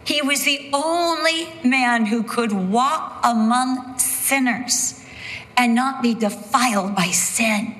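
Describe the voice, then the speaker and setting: A woman preaching a sermon slowly and emphatically, with dramatic pauses. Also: on the high side, fairly bright tone, long reverb tail, low-quality recording.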